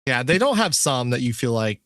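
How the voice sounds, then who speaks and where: A man's voice: mid-range voice, very animated, brisk, fairly bright tone, no room sound, clean studio sound. A man co-hosting a podcast in casual chat, throwing in crude, teasing quips. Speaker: podcast co-host.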